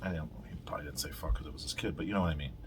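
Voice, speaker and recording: A man's voice: rumbling low, background noise. A man hosting his own podcast, rambling through a casual rant full of swearing. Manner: rambling, heavy swearing, quick laughs. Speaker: podcast host.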